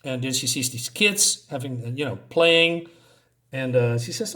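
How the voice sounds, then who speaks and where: A man's voice: on the high side, normal speed, fairly bright tone. Hesitant man reviewing comics. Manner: hesitant, many fillers and restarts.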